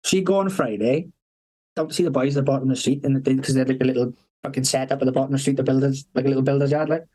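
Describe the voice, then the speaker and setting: A man's voice: mid-range voice, fairly even intonation, racing, dark tone, rough recording. Swearing man telling stories. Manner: heavy swearing, laughing, acting out quoted voices. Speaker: podcast guest. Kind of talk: casual anecdotal storytelling.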